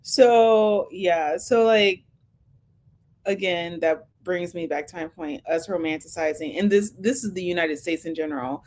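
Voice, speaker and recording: A woman hosting a reaction video, giving casual, animated commentary on a clip she is watching, laughing often and voicing her opinions. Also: lowish voice, unhurried.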